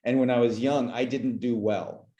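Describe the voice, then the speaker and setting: A Canadian man in his forties, a podcast guest in a reflective conversational interview, speaks haltingly, circling back and repeating words as he works through a memory, emotional and at times choked up. His warm voice sits at a medium pitch with fairly even intonation. The recording is muffled, with a roomy, echoey sound.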